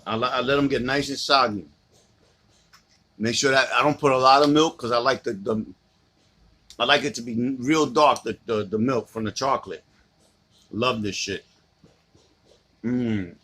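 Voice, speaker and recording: A man vlogging a cereal mukbang, chatting in playful slang and dropping into low seductive asides to his bowl. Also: normal speed, long pauses, sharp tone. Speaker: vlogger eating cereal on camera. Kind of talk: casual mukbang vlog.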